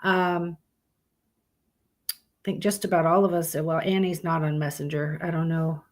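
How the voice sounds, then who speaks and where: A woman's voice: sits low, flat delivery, a little slow. A woman hosting a live stream, chatting casually with her viewers, greeting them by name and swearing freely.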